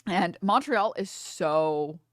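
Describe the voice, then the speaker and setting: A young American woman streamer telling a story in casual chat, animated and profane, often laughing through her words. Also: fairly low pitch, takes it slowly, no echo, clean studio sound. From United States.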